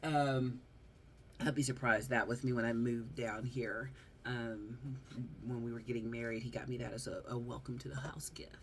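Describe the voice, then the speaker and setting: Low-voiced Southern woman chatting. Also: fairly even intonation, moderate pace, slight background noise. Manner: chatty, goes off on rants, laughs often. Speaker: vlog host showing her figure collection. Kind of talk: casual chat.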